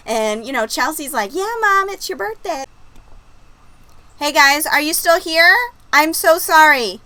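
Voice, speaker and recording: A woman's voice: a little high, bright, forceful tone, dry recording, rough recording. A woman, hosting a video-call chat and telling stories with a laugh. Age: 30s. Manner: chatty, laughing storyteller. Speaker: host. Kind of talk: casual livestream chat.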